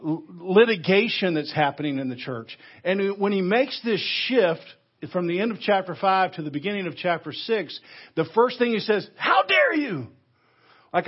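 A male pastor preaching a sermon, animated, acting out outrage with sudden loud bursts. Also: high-pitched, muffled recording. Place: church sanctuary.

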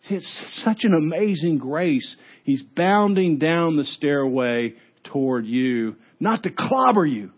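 A male pastor preaching a sermon, telling the story with lively quoted voices and dropping low and quiet to stress key words. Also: slow pace, few pauses, muffled recording.

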